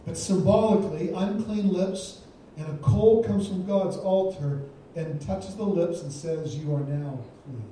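A man preaches a sermon with emphatic, repeated phrases. His voice sits high for a man yet sounds very dark and mellow. He is caught from well back in a very echoey church, with faint room ambience behind. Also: a little slow, hardly any pauses, recorded from a distance, slight background noise. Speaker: guest preacher. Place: church sanctuary.

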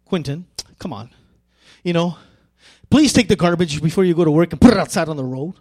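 A man's voice: fairly high pitch, animated, brisk, dark tone, voice pushed down. A man voicing a wife who asks her husband for a chore, in a coaxing tone. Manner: coaxing request. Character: wife asking her husband to take out the trash.

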